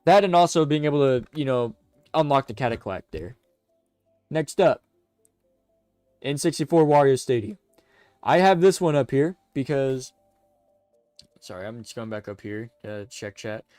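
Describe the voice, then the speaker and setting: A man's voice: medium pitch, normal speed, long pauses, clear, resonant tone, no room sound, soft background music. A man streaming and chatting casually, rambling and stammering as he corrects himself mid-sentence. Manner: rambling, stuttering, self-correcting; excitable, chatty. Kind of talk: casual live-stream commentary.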